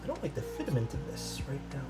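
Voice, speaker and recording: Loud music plays behind this man as he streams a keyboard build, talking fast at medium pitch with huge pitch swings. He's casual, thinking aloud and responding to chat, and sometimes strays from the mic while searching for parts.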